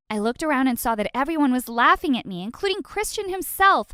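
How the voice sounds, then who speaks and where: A woman narrating an animated drama in the first person, lively and exaggerated with comic outbursts. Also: high voice, quick pace, no echo, studio quality.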